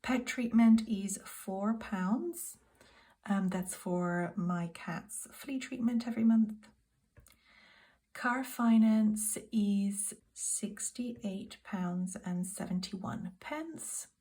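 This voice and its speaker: A woman in her thirties from the UK talks her viewers through her monthly bills at home, calling them "guys" in a relaxed, chatty way. She keeps her voice hushed, close to a whisper, so her sleeping daughter isn't woken. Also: mid-range voice, drawn-out words. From United Kingdom. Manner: speaks softly, half-whispering so a child can sleep. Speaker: budgeting vlogger. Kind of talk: casual monthly budget walkthrough.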